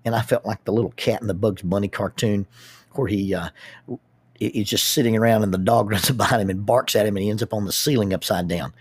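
A man, a public speaker and youth group leader telling a personal story in an animated way, often restarting his words. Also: lowish voice, fast, slightly rough, dry recording. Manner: animated, with repeated starts and lively asides.

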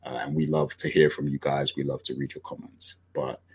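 A man's voice: extremely low pitch, big pitch swings, a little fast, vocal fry, husky. A British man hosting a podcast, chatting casually and rambling with many fillers and restarts. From Britain. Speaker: podcast host.

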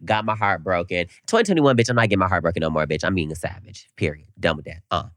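A young man co-hosting a podcast, telling an animated story in casual chat and swearing freely. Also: deep voice, quick pace, no room sound. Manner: animated storytelling, frequent cursing. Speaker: podcast co-host.

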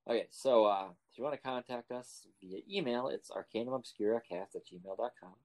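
A man's voice: mid-range voice, a little fast. A man hosting a podcast in casual, joking chat, laughing often and rambling loosely. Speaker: podcast host.

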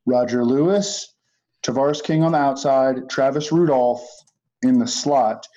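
A man's voice: mid-range voice, dark tone, highs cut off. A man discussing fantasy football receivers in a loose podcast chat, thinking aloud with restarts.

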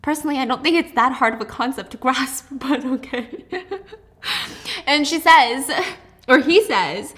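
A young woman hosting a casual book recap, telling the story in an animated way with side comments. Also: sits high, measured pace. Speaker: host.

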